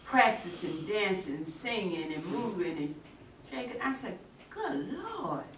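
A woman's voice: fairly low pitch, expressive, measured pace, a bit bright. A woman talking earnestly and emphatically in a casual faith discussion. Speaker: church discussion participant. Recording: echoey room, mic far off, faint noise.

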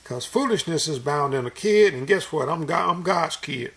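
A man's voice: on the high side, animated, normal speed, gravelly, fairly bright tone. A man preaching a sermon in an earnest, folksy, repetitive way, restarting his phrases often.

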